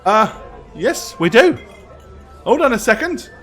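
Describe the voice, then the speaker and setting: This is an overworked barmaid in her mid-thirties, given voice by a man pitching well up. She sounds tired and put-upon, yet runs through the menu in a quick, chatty patter. Soft music hums behind her. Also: very animated, full character voice. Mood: weary. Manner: sighing, harried, chatty when listing. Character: weary mid-thirties tavern serving woman.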